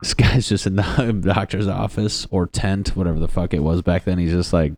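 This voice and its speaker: A man's voice: deep voice, flat delivery, normal speed, few pauses, a little mellow, no echo. A young adult male comedian in a casual, profane, sarcastic rant, riffing as he reads web pages aloud.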